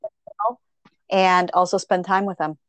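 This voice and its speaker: A woman's voice: on the low side, steady tone, moderate pace, no room sound. A woman co-hosting a podcast, talking in a casual, enthusiastic and emphatic way. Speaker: podcast co-host. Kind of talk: casual chat.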